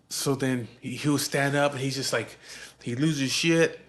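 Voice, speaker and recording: A man's voice: mid-range voice, a little fast, fairly bright tone. Casual, swearing storyteller man. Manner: profane, laid-back, amused.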